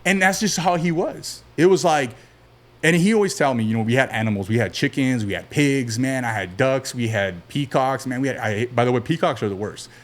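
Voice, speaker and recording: A man guest on a podcast, telling stories from his childhood in a relaxed, rambling way, with many fillers and restarts. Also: medium pitch, a little fast. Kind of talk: casual storytelling interview.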